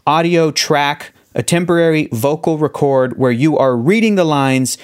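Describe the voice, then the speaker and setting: A man's voice: a little high, unhurried, smooth. A man hosting a podcast in an enthusiastic, chatty way. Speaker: podcast host. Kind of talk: casual chat.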